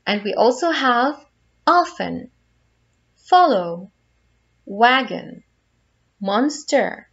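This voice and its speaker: A woman's voice: a little high, big pitch swings, very slow, vocal fry, long pauses, dull audio. A woman teaching a phonics lesson to young children, patiently guiding them through each word step by step.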